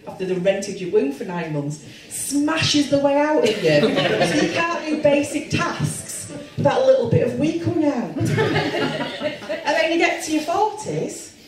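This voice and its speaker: A self-deprecating comedian in her forties works a live club crowd with crude, deadpan stand-up. Her slightly high voice swings widely in pitch. The sound is very roomy and picked up from some distance, with audience laughter all around. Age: 40s.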